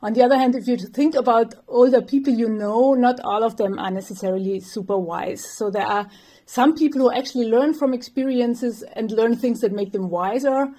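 A woman's voice: on the high side, normal speed, mellow. A woman professor, answering interview questions thoughtfully, with light laughs and some fillers. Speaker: developmental psychology professor, guest.

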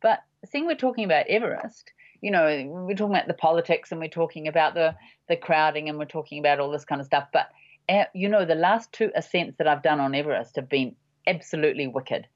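A woman in her sixties, a mountain guide, giving measured, halting interview answers with many pauses. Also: deep voice. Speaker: high-altitude mountain guide. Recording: dull lo-fi audio.

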